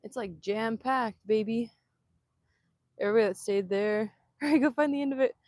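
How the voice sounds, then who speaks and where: Brief: upbeat woman live-streaming outdoors on a phone, slightly high voice, close and dry, talks excitedly and laughs often. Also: moderate pace, no echo. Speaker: vanlife vlogger. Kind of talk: casual live-stream chat. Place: outdoors in Hawaii.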